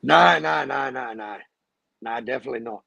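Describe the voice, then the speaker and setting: A man's voice: mid-range voice, moderate pace, vocal fry, pushed and bright, no echo. A man co-hosting a casual podcast, amused and chuckling as he listens.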